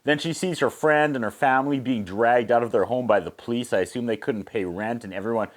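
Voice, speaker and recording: A man recapping a movie's plot with sarcastic asides, briefly acting out the characters in quick voices. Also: mid-range voice. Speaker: movie reviewer.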